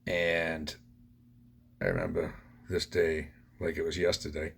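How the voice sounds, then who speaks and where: Man, podcast host, very low voice, raspy, gravelly, blunt and profane, personal storytelling. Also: flat delivery, a little slow.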